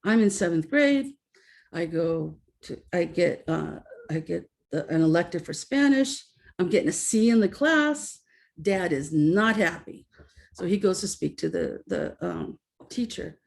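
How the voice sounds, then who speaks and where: A middle-aged woman educator giving a talk, telling anecdotes with lively storytelling and acting out the voices she quotes. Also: fairly low pitch, measured pace, creaky. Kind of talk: presentation with anecdotes.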